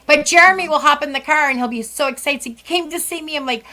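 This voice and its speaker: A woman psychic medium from Massachusetts, chatting as a guest and telling lively stories, acting out the lines of other people as she goes. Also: high-pitched, fast talker, hardly any pauses. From Central West Massachusetts. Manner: animated, acts out quoted dialogue with sighs and laughs. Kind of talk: casual storytelling chat. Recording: podcast interview.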